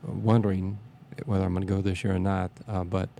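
A man reminiscing in a casual interview, speaking haltingly with many restarts and fillers and a reverent tone. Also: sits low, level tone, dark tone, slight background noise.

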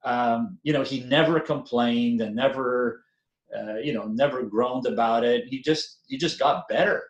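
An older man in his sixties speaks as a longtime basketball coach being interviewed. He rambles in a relaxed, self-deprecating way, with plenty of fillers and restarts. His voice sits at an ordinary middle pitch and carries a noticeable roomy echo. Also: measured pace, highs cut off. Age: 60s. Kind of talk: casual interview talk.

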